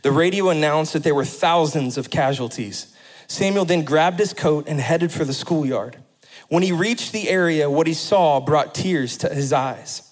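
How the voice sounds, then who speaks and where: A man's voice: on the high side, normal speed, low-quality recording. A middle-aged man preaching a sermon and telling a story, building to impassioned, emphatic phrases. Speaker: pastor.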